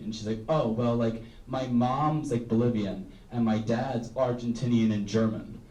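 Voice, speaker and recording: A young man, a student stand-up comic, rambles through a self-deprecating set in a live comedy room with an audience, packing his lines with "um" and "like." His mid-range voice is darkish and steady, moving at a moderate pace with hardly any pauses. The recording sounds roomy and distant, with slight background noise.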